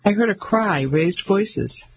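Male reader doing a kind, gentle abbot, soft delivery. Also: sits high, animated, slow pace, breathy edge, voice pushed up, heavily acted. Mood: kindly.

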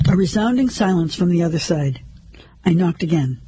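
A man narrating a first-person story in a measured, steady way. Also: high-pitched, a little hiss or hum, low-quality recording.

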